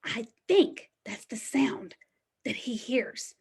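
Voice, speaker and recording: Animated sing-song preschool teacher woman. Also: a little high, gravelly, husky. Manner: slow, exaggerated storytime delivery. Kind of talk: reading a picture book aloud to children.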